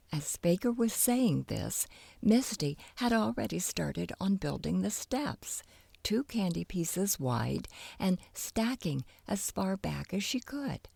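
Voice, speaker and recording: Slow, lively woman narrating a children's story. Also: sits low, creaky, husky, no echo. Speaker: audiobook narrator.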